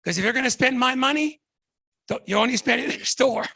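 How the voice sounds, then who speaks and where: A man giving an excitable, repetitive sales pitch to an audience, calling them folks and guys. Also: quick pace, gravelly. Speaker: business presenter.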